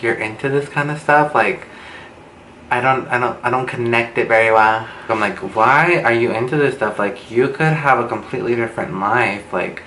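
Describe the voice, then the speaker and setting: A young man telling a storytime vlog, animated and swearing, acting out what people said with big jumps in pitch. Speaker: vlogger. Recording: echoey room with faint background noise.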